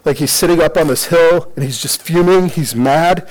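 A high-voiced man giving a casual sermon, retelling scripture with jokes and lively asides. He talks loosely and animatedly, using lots of "like.". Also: moderate pace, low-quality recording.

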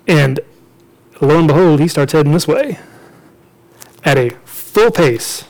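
A high-pitched man preaches a storytelling sermon a little slowly, lively and joking as he keeps acting out the characters in the story. The recording is rough.

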